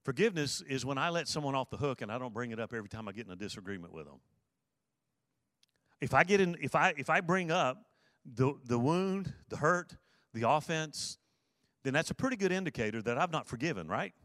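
A man's voice: medium pitch, big pitch swings, a little fast, fairly bright tone, no room sound, clean studio sound. A man preaching a sermon, earnest, repeating his key phrases for emphasis. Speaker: pastor.

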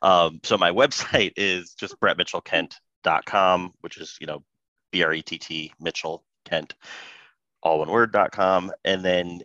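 Deep-voiced joking man on a dull mic. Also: fairly even intonation, measured pace, sharp tone, dry recording. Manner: self-deprecating, joking. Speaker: podcast co-host. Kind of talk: casual podcast chat. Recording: dull, slightly lo-fi dry mic.

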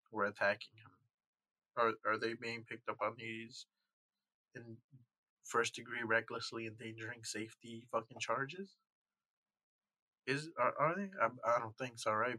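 A man's voice: medium pitch, sharp tone, no room sound. A man hosting a podcast, reading news aloud and breaking into heated, profane rants. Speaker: podcast host. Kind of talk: angry commentary.

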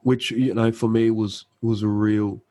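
A man in his thirties, here as a guest and working as an army medic, spins a relaxed story at an unhurried pace. His voice is fairly low and dark with a level tone, and the audio is poor. Fillers and restarts come often, and he performs the quoted dialogue.

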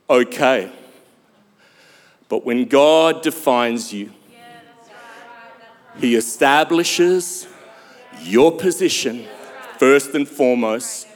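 A high-pitched man preaching a sermon at an unhurried pace, leaning on dramatic pauses before swelling to loud, emphatic lines. His voice rings with a long reverb off a large church hall. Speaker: pastor.

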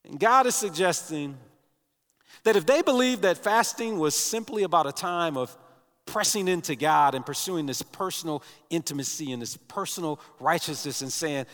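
High-voiced man preaching in a hall. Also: animated, moderate pace, fairly bright tone. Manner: earnest preaching, rising to emphatic declarations. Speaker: pastor. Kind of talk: sermon. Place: large church sanctuary. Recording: reverberant church hall.

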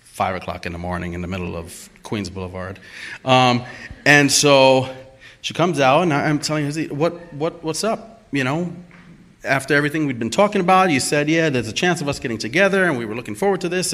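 A man's voice: medium pitch, a little fast, a bit bright. A man telling a personal story and acting out the quoted lines, laughing at himself as he goes.

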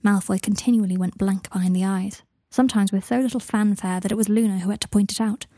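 A woman narrating a story in a calm, even reading voice on a close microphone. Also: mid-range voice, quick pace, no echo. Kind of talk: storybook narration of fan fiction.

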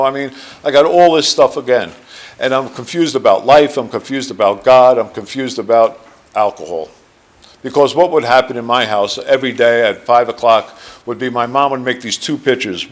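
Earnest New Jersey man in his sixties. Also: mid-range voice. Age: 60s. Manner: earnest, rambling storytelling with many fillers. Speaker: recovery meeting speaker. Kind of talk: personal testimony talk. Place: meeting room.

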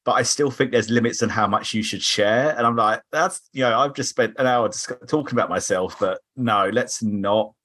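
A man's voice: medium pitch, moderate pace, hardly any pauses, fairly bright tone. A man from England with a South London accent, a podcast guest chatting and telling stories with quoted voices. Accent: South London English. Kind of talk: casual chat.

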